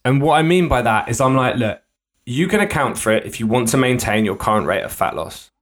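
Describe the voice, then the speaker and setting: A man co-hosting a podcast as a fitness coach, explaining with examples in a playful, animated way. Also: mid-range voice, brisk. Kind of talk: casual podcast chat.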